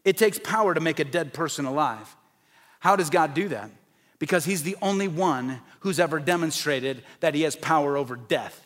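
Emphatic male preacher, fairly high voice. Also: animated, normal speed, a bit bright. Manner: emphatic, building to raised peaks and dropping low; acts out the doubters' voices. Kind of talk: evangelistic sermon.

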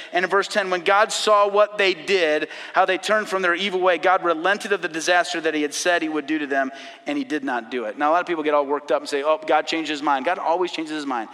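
A man's voice: on the high side, pushed and bright. A man preaching a sermon as pastor, urgent and full of rhetorical questions. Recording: long hall reverb.

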